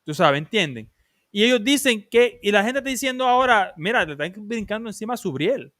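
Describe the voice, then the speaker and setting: A man with a high-set voice hosts a casual boxing livestream, flipping between English and Spanish as he argues his point with real heat. The sound is dry and close, with no room around him. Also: animated, fast, fairly bright tone, dry recording. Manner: heated, emphatic, switches between English and Spanish. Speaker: livestream boxing show host.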